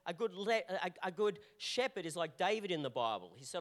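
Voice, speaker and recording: A male pastor delivering a sermon in an animated, repetitive preaching manner, often restarting his phrases. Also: high-pitched, fairly quick, few pauses.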